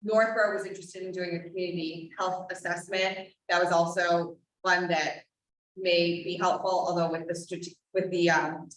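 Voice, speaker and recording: A woman giving a hesitant update at a public board of health meeting, with many pauses and restarts. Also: on the low side, little pitch movement. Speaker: board of health member, alternate regional representative. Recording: roomy echo, distant mic.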